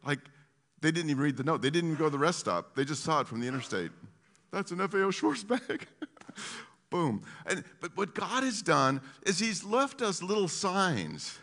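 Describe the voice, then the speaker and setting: A man giving a casual, animated Bible teaching, with lots of fillers and restarts. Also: fairly high pitch, moderate pace, big-room sound.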